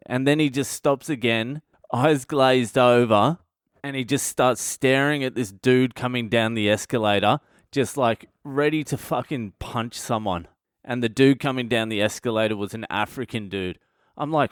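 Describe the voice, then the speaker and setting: This comedian, a man in his thirties with an Australian accent, hosts a podcast and tells a blunt, profane, self-mocking comic story. His mid-range voice moves at a moderate pace with a clean tone, recorded dry in a clean studio.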